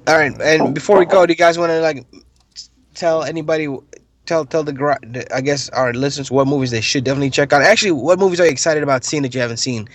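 A man hosts a casual podcast chat in a fairly high voice. His delivery is quick and joking. The recording is dry and close, with no room sound. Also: no room sound. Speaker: podcast host.

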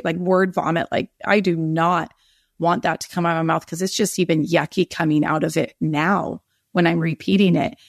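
A woman's voice: on the low side, creaky, dry recording, studio quality. A middle-aged woman speaking as a guest author in a podcast interview, earnest and rambling, often correcting herself.

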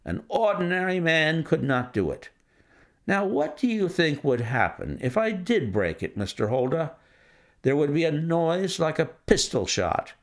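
Man voicing a composed gentleman sleuth, dry and exact, gravelly low tone with lively rises. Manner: measured, dry and self-assured. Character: cool, precise gentleman detective, adult male.

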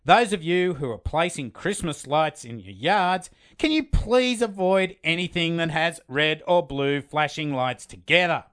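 Australian male co-host, high-pitched and sharp-toned, playful banter. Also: animated, measured pace, few pauses, smooth. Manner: jokey, reads listener posts aloud with relish. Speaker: podcast co-host. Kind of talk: casual podcast chat.

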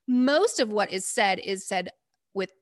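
A woman's voice: mid-range voice, animated, measured pace, no room sound, clean studio sound. A woman, a medical provider, candidly recounting her field work in an interview, in short emphatic bursts. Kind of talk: interview storytelling.

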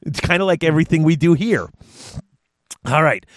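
A man hosting a podcast, bantering loudly and joking at his own expense. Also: a little high, expressive, normal speed. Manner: boisterous, self-mocking banter. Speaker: podcast host.

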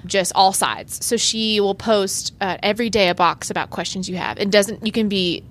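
A woman in a casual podcast chat, talking earnestly and warmly about something she recommends. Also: medium pitch, fairly even intonation, moderate pace.

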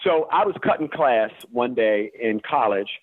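Male actor guest from the Deep South, mid-pitched, emphatic and profane, heard over a phone line. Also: expressive, normal speed, dry recording. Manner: emphatic, profane, laughs while making points. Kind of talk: candid interview conversation. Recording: tinny phone-line sound.

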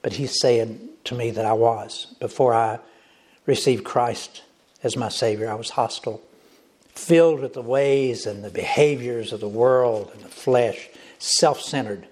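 A man's voice: medium pitch, unhurried, a little mellow. A male pastor preaching a sermon, emphatic and repetitive, speaking directly to the congregation.

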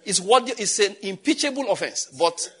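A man preaching a sermon as pastor, animated and scolding, with jokes and sudden jumps in pitch. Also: normal speed.

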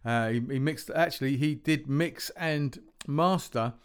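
Between the tracks he plays, a man on his home-recorded podcast talks casually, rambling into self-deprecating asides and frequently starting over. His mid-range voice is clean and a little slow.

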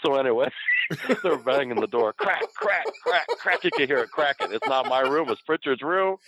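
A man's voice: medium pitch, animated, a little fast, a bit bright, a little hiss or hum, low-quality recording. A man, a former wrestler, telling a story in casual talk, laughing often and swearing freely. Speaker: former pro wrestler, guest.

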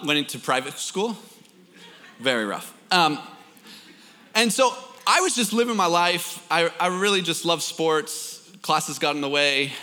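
A man's voice: on the high side, bright, forceful tone, in a large hall. A young man preaching a sermon, telling a story with self-deprecating jokes. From Canada. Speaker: pastor.

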